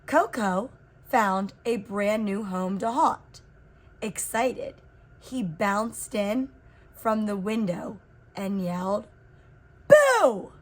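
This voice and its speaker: Woman reading a storybook aloud slowly. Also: mid-range voice. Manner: expressive, unhurried reading. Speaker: reader.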